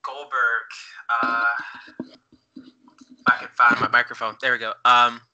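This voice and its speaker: A man's voice: medium pitch, little pitch movement, unhurried, sharp tone, muffled recording, faint music behind. A man co-hosting a podcast in casual chat, rambling with many fillers as he looks things up while talking. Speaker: podcast co-host.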